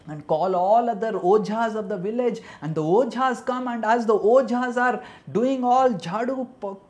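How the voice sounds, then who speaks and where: A man telling a devotional story as a sermon, animated and dramatic, dropping to soft asides. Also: high voice, normal speed. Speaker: preacher.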